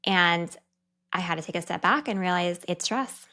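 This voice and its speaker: A young woman, a dietitian, hosting her own podcast in a candid, chatty way with quick asides. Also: lowish voice, sharp tone. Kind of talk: casual solo podcast talk.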